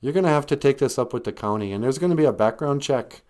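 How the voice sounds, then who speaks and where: A man's voice: mid-range voice, expressive, quick pace, a little mellow, pitched above the performer's own voice, lightly acted. A man voicing an exasperated, practical police commissioner in a matter-of-fact way.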